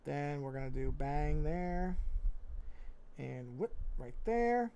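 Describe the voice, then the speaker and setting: Gravelly low-key guy narrating his drawing stream, rambly, kinda mumbly, head down off the mic. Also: animated, slow pace, warm tone, muffled recording, a little hiss or hum. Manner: thinks aloud, rambling and self-correcting; mumbly while looking down. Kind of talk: casual livestream commentary while drawing. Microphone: fixed mic while head faces down at a tablet.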